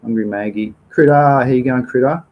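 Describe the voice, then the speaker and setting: A man's voice: mid-range voice, a little fast, dull audio. A man with an Australian accent hosting a casual livestream, reading out viewer comments and answering questions in an informal, chatty way. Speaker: livestream host.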